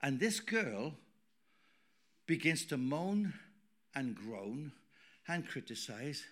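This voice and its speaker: A middle-aged man preaching a sermon in a church, emphatic, swinging between loud declarations and quiet asides. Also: mid-range voice, very animated, takes it slowly. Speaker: pastor.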